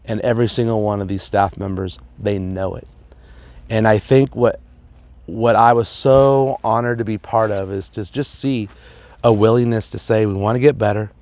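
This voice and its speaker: A man, a high school principal, talking earnestly in an interview and telling stories with playful asides. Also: fairly even intonation, normal speed, a little mellow, no room sound. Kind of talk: reflective interview talk.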